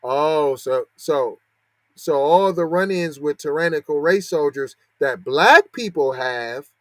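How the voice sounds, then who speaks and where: A man's voice: on the high side, animated, slow pace, a bit bright, no echo. A man hosting a podcast, giving heated, sarcastic commentary with a string of rhetorical questions. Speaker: podcast host. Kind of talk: heated commentary on a news story.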